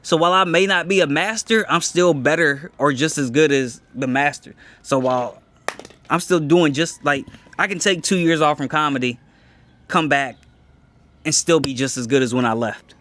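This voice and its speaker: A comedian co-hosting a podcast in casual chat, talking candidly and boastfully in quick restarts and swearing freely. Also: male voice, a little high, fairly bright tone.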